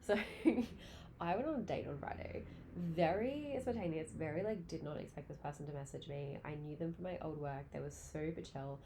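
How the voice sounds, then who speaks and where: A woman's voice: low-pitched, normal speed, slight background noise. Swearing, chatty woman podcast host. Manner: chatty, swears freely, lively storytelling. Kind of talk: casual solo podcast chat.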